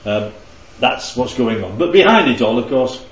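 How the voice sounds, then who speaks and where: A man leads a Bible study with a lively, rising and falling voice, constantly checking in with his listeners. The sound is roomy and a little dull. He teaches in an interactive, conversational way. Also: mid-range voice, moderate pace. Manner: keeps checking in with the group. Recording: roomy, slightly dull recording.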